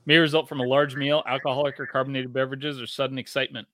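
A man's voice: medium pitch, level tone, rapid-fire, a bit bright, a little hiss or hum. A man co-hosting a casual podcast from his garage, rambling and swearing casually as he trails off and restarts. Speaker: podcast co-host. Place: home garage.

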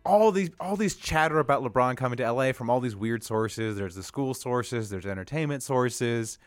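A man hosting a casual basketball podcast, talking in quick, stumbling, joking banter. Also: medium pitch, expressive, no echo, studio quality. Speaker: podcast host. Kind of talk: casual sports chat.

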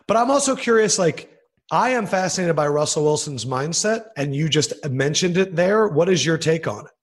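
A man's voice: a little high, animated, moderate pace. A man hosting a podcast interview, reacting with enthusiasm and asking questions. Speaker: podcast host.

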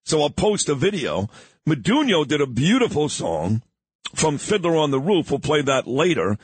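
A man's voice: a little high, big pitch swings, normal speed, slightly rough, dry recording. A man hosting a morning radio talk show, chatting casually, joking and talking sports. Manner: chatty, joking, coughing at times.

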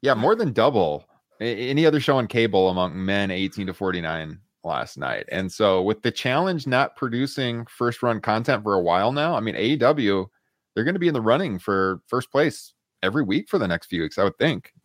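A man hosting a podcast with a lowish voice, running through figures and news in a steady, casual flow. The sound is dry and close to the mic, with no room around it. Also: no room sound. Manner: steady, fact-heavy, quick asides. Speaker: podcast host.

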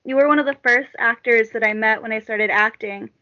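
Woman on a radio chat, bright voice, kinda high, dull sound, chill storytelling. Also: fairly quick. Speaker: panel guest.

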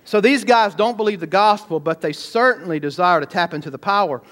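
Animated high-voiced preacher. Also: male voice, a little fast. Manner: animated preaching, sudden shouts and asides to the congregation. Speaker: pastor. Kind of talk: sermon.

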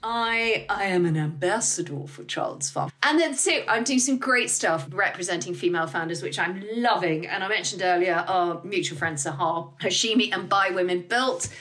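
A woman's voice: fairly low pitch, normal speed, hardly any pauses. Candid, swearing businesswoman. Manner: candid, lively, swears freely. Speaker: guest, business founder. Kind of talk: casual interview talk.

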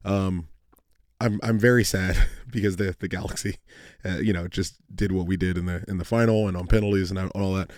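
A young man co-hosting a casual podcast, telling a rambling, animated story with swearing and laughter. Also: deep voice, fairly quick, no room sound, studio quality. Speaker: podcast co-host.

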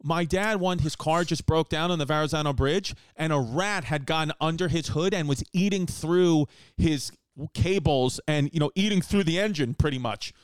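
Rambling high-voiced New man. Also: smooth, no room sound. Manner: rambling, joking, quick asides. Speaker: podcast host. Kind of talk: casual comedic monologue. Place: living room at home.

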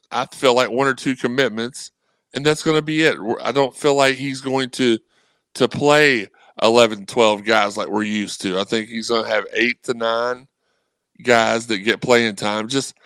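A man chatting casually on a sports podcast, animated and rambling, acting out messages from fans. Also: mid-range voice, normal speed, clear, resonant tone, no echo, low-quality recording. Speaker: guest co-host.

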